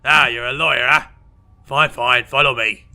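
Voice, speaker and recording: A man voicing a gruff, impatient male prison guard in a video game playthrough, with a put-on accent mixing Cockney and New York and a brusque manner. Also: medium pitch, fairly even intonation, moderate pace. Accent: mix of Cockney and New York, put on. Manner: loud, brusque barking. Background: game music.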